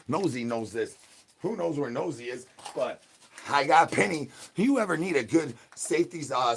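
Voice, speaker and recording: A young man talking into his phone on a live stream, rambling in a playful, sing-song way full of nonsense catchphrases. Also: mid-range voice.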